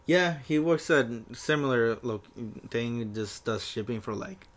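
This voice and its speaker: A man from the United States co-hosting a casual podcast, talking about work with halting restarts. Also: medium pitch, animated. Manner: hesitant, halting ranting. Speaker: podcast co-host. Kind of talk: casual chat.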